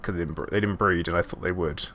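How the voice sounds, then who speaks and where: A man chats casually through a live game stream, rambling and poking fun at himself. His voice sits low and has a gravelly texture. Faint keyboard typing ticks along behind him. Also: fast talker, a bit bright, slight background noise. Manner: chatty, rambling, self-mocking asides. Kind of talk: casual live gameplay commentary.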